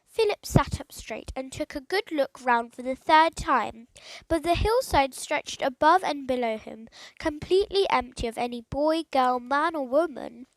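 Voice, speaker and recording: Audiobook narrator, woman, high voice, expressive storytelling, dry close recording. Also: measured pace, dry recording, rough recording.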